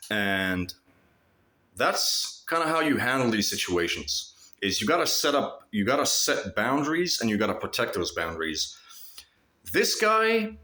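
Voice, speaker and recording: A man's voice: medium pitch, pushed and bright, roomy sound. A man telling a story in a casual, profane vlog monologue, mimicking other people mockingly. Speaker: vlogger.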